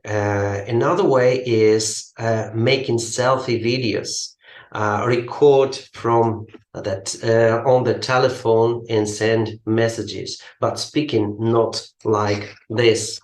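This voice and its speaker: A man teaches about his course at an unhurried, halting pace, stopping often on fillers. His somewhat low voice rings in an echoey room. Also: steady tone. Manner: slow, halting, many fillers. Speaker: English teacher. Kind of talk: explaining a language course.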